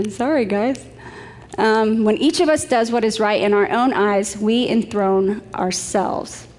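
A woman's voice: mid-range voice, slow pace, darkish tone, in a large hall. A middle-aged woman preaching a sermon, telling stories in a chatty way with light laughs.

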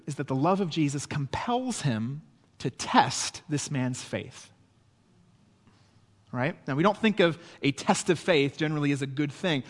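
A pastor with a fairly high, fairly bright voice preaches a sermon in a conversational way, often checking in with listeners through frequent "right?" asides. A long reverb tail trails his words.

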